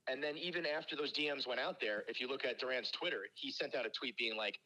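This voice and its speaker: A man's voice: medium pitch, quick pace, few pauses, sharp tone, rough recording. A man in casual comedy podcast chat, ranting profanely and heatedly. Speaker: regular podcast guest.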